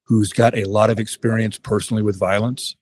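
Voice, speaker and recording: A man hosting a podcast interview, speaking in a measured way as he steers the conversation. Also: lowish voice, level tone, a little mellow. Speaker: podcast host.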